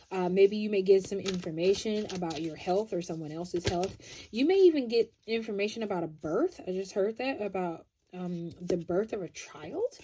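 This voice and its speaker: Mellow-voiced woman giving a tarot reading. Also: medium pitch, a little hiss or hum. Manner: chatty, expressive, often asks "right?". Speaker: tarot card reader. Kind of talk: pick-a-card love reading.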